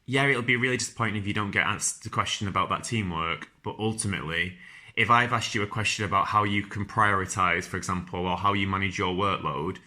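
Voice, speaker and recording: A man's voice: on the low side, fast, sharp tone. A young man with a strong Northern English accent giving casual careers advice as a podcast host, chatty and informal with frequent ums and restarts.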